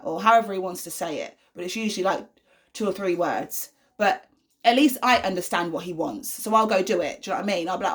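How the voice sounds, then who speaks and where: A woman's voice: fairly low pitch, animated, fairly quick. A young woman, a mother, chatting casually to camera with lots of fillers and repeated "you know what I mean". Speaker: vlogger, mother of an autistic son.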